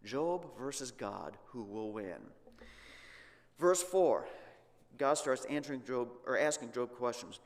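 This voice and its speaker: A man's voice: mid-range voice, moderate pace, big-room sound. A man teaching a Bible lesson in a church, talking conversationally with frequent restarts and rhetorical questions.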